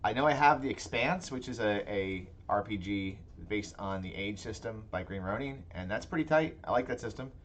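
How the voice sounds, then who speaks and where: A man's voice: on the low side, lively intonation, normal speed, hardly any pauses, a little hiss or hum. A man co-hosting a casual tabletop gaming podcast, talking in rambling, self-interrupting chat. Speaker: podcast co-host.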